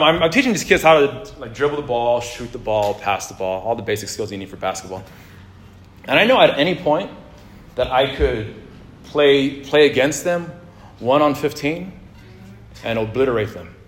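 A man preaching in a relaxed, conversational way, mixing jokes and asides to the crowd into his sermon. His voice has an ordinary middle pitch, and it rings in a roomy, echoing space like a church sanctuary. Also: normal speed. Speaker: pastor. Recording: echoey room.

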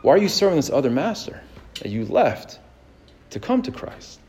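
A man's voice: fairly high pitch, sing-song, normal speed, a little mellow. Casual preaching man in his thirties. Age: 30s. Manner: casual, anecdotal, laughs easily, many restarts. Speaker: pastor. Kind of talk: conversational sermon.

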